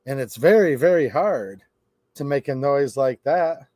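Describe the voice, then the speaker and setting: A man's voice: medium pitch, animated, a little slow, darkish tone, no room sound, clean studio sound. A man hosting a live stream, reading a children's rhyme book aloud in a playful sing-song way.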